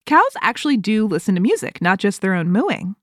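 A woman's voice: mid-range voice, big pitch swings, a little fast, over music. A woman hosting a children's toothbrushing show, reading a cheerful, playful script and counting down for kids. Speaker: host.

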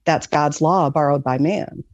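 A woman voicing her calm, wise spirit grandmother, speaking gently and reassuringly. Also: low-pitched, measured pace, no room sound, muffled recording.

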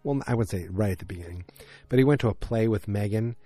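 A man's voice: fairly low pitch, fast, dark tone, dry recording, soft background music. A man hosting a podcast, chatting casually and rambling, with frequent fillers and self-corrections. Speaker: podcast host recapping a TV episode. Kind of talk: casual chat.

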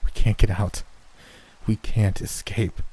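A man voicing a despairing young man, speaking slowly and breathily. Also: fairly low pitch, fairly even intonation, dark tone. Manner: breathy, slow and hopeless.

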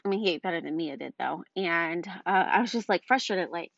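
Young woman, tired mom venting to camera, slightly low voice, dull dry recording. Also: brisk, gravelly, a bit bright, no room sound. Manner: chatty, exasperated, frequent fillers like "like" and "um". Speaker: mother of two small children. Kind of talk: casual storytelling vlog.

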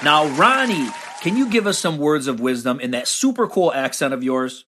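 A man's voice: mid-range voice, sing-song, fairly quick, some chatter behind, slight background noise. A man with an American accent hosting a podcast award show, announcing winners in a playful, upbeat way. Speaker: podcast host.

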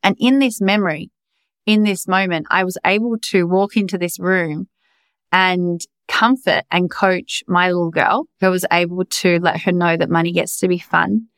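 A woman's voice: fairly low pitch, fairly even intonation, normal speed, a bit bright, no room sound. A young adult woman hosting a podcast, talking in a raw, emphatic, confessional way and swearing freely. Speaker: podcast host. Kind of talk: candid personal monologue.

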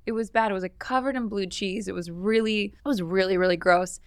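A woman guest on a podcast, telling candid dating stories in an animated casual chat. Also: medium pitch, brisk, clear, resonant tone, dry recording, studio quality. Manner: animated, candid, laughs through her stories.

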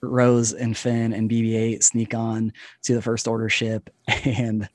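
A man's voice: on the low side, monotone, unhurried, a little mellow, no room sound. A man guesting on a podcast, chatting enthusiastically with frequent laughs. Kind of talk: casual podcast chat.

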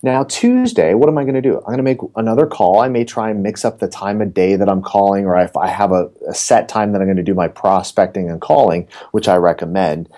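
A middle-aged man coaching real estate agents in a casual podcast chat, telling animated stories and acting out the people in them. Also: on the low side, fairly quick, few pauses. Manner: animated storyteller acting out quotes.

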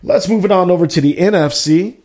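A man hosting a live sports podcast, reading out a player roster with casual asides and shout-outs. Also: high-pitched, a little fast. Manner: reads out a list with running asides.

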